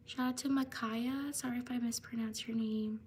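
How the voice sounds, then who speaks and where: Woman on a livestream doing shout-outs, high voice, a bit far from the mic w/ faint hiss. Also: steady tone. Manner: slow, halting over names, apologetic. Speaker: live streamer. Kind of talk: reading out viewer shout-outs on a live stream.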